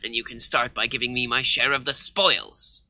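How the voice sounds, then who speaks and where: A man's voice: medium pitch, steady tone, normal speed, sharp tone, dry recording, voice pushed down, low-quality recording. A man voicing an angry young rogue who accuses and threatens the one who betrayed him.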